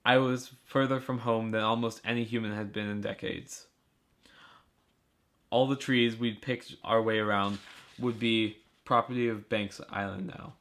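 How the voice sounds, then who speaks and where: A man reading a novel chapter aloud for a school project, steady and earnest. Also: fairly low pitch, a little slow. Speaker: student reader. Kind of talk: amateur audiobook reading.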